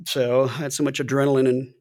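A man's voice: mid-range voice, flat delivery, fast talker, darkish tone. A middle-aged man co-hosting a casual chat, telling loose, profanity-heavy stories and laughing through them. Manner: loose storytelling, swears often, laughs through his stories. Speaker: podcast co-host.

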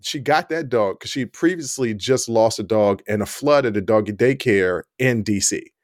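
A man's voice: on the low side, normal speed, no room sound, studio quality. A man hosting a podcast, chatting casually, laughing often and speaking straight to his listeners. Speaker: podcast host. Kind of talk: casual chat.

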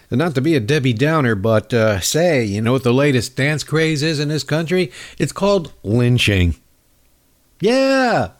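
A man hosting his own talk show, ranting through a sarcastic, angry monologue. His pitch swings widely as he mocks his targets, from a mid-range voice. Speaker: radio show host.

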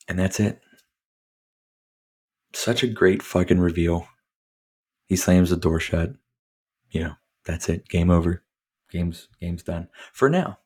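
A man's voice: low voice, fairly even intonation, moderate pace, pauses often, warm tone. A man hosting a podcast, casually recapping a film in a rambling, profane way and laughing often. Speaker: podcast host.

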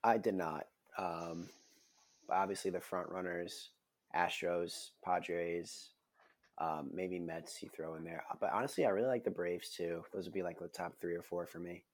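A young adult man on a casual sports podcast, laid-back and quiet, with hesitant answers. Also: deep voice, fairly even intonation, moderate pace, no echo. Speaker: podcast co-host.

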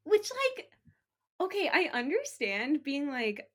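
Lively, giggly woman podcast co-host. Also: high voice, moderate pace. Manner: animated, giggly, playful. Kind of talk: casual sports chat.

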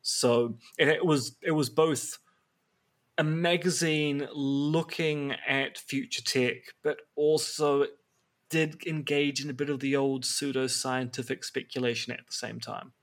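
A man co-hosting a podcast, telling stories in casual chat with wry, quick asides. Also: mid-range voice, steady tone. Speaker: podcast co-host. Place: apartment.

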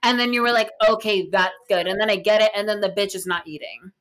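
Lively young woman telling stories. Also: medium pitch, a little hiss or hum. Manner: lively, indignant, fast storytelling. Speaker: podcast co-host. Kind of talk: casual chat.

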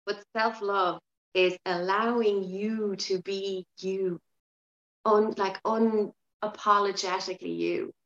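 A woman's voice: medium pitch, takes it slowly. Frank woman in a roomy, muffled recording. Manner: frank, lively, swears casually. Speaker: podcast guest, yoga teacher. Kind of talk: casual interview chat.

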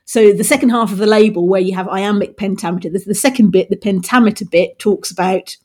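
A woman's voice: medium pitch, brisk, mellow. A woman, co-hosting a podcast and explaining poetry in a playful, teacherly way. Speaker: podcast co-host. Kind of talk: casual chat.

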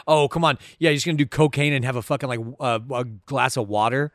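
A man's voice: medium pitch, a little fast, a bit bright, no echo, studio quality. A man co-hosting a podcast in casual chat, riffing and swearing as he jokes with his friends. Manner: profane, joking riffs. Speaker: podcast co-host.

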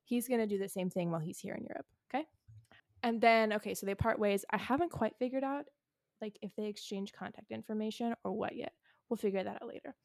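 A woman's voice: medium pitch, fast, vocal fry, a little mellow, no room sound, studio quality. A young woman co-hosting a podcast, telling a made-up story in a rambling, casual way full of "like" and "okay". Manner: rambling, filler-heavy storytelling, lots of "like" and "okay". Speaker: podcast co-host. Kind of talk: casual chat.

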